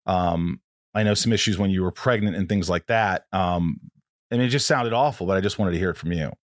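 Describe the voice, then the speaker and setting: A man's voice: deep voice, fairly quick, dry recording, studio quality. A man hosting a podcast interview, talking in a rambling, casual way, often restarting his sentences and swearing now and then. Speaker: podcast host.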